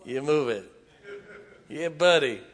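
A middle-aged man preaching a sermon, telling folksy stories and swinging from hushed asides to loud, emphatic lines. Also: fairly high pitch, animated, slow. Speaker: pastor.

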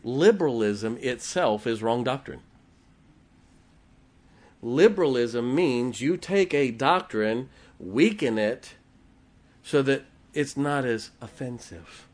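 A man's voice: medium pitch, lively intonation, slow pace, pauses often, a little mellow. A preacher delivers his sermon in a blunt, emphatic voice. He stacks short, punchy declarations one after another and chuckles between them. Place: church before a congregation.

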